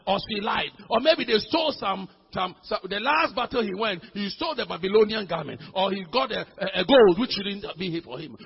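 A man preaching a sermon, swinging from shouts to low, intense lines and repeating words as he builds. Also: expressive, moderate pace, hardly any pauses. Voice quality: husky, gravelly voice. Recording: dull lo-fi hall recording.

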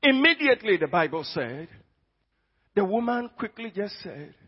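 A man preaching, pitched high for a man and pressing his points to the congregation. The recording is dull and lo-fi, with a long reverb trailing off every phrase as if in a large church hall. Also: very animated, normal speed, breathy edge. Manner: emphatic, exhorting, calls to the congregation. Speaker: pastor. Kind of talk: sermon.

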